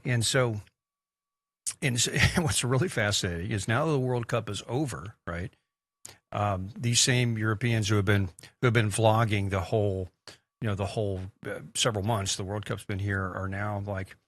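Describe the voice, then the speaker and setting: Husky low-voiced male talk host. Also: moderate pace, fairly bright tone, no echo. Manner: folksy, rambling, conversational. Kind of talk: casual studio talk show monologue. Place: TV studio.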